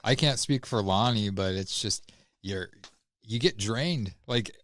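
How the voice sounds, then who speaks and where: A man co-hosting a podcast, talking casually and haltingly with many restarts. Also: lowish voice, fairly bright tone, a little hiss or hum. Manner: hesitant, with many fillers and restarts. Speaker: podcast co-host. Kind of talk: casual chat.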